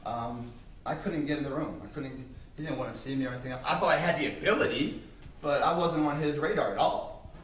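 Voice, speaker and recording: A man giving a speech to an audience, telling brash, profane, animated stories. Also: on the high side, brisk, slight background noise. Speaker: motivational speaker. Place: room with an audience. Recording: roomy, distant mic, faint ambience.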